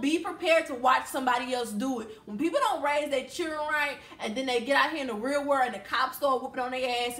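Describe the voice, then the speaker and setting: A woman's voice: sits high, a bit bright. A young woman from Louisiana telling a storytime to camera in a blunt, heated, emphatic way. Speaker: vlogger. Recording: echoey room.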